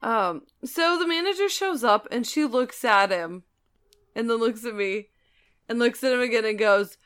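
A woman's voice: on the high side, lively intonation, moderate pace, a bit bright, smooth. A woman in her thirties, co-hosting a casual storytelling chat, who often laughs as she tells her own stories. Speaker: storyteller and co-host.

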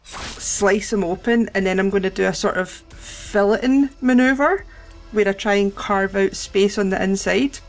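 A woman's voice: mid-range voice, normal speed, faint music behind. A woman playing a tabletop horror game, laughing as she describes her character's actions. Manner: gleeful, laughing through gory descriptions. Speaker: player.

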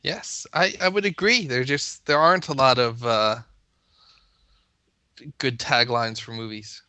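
A man's voice: mid-range voice, a little slow, pushed and bright, no echo. A man co-hosting a podcast, chatting in a laid-back, teasing way. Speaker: podcast co-host. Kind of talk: casual chat.

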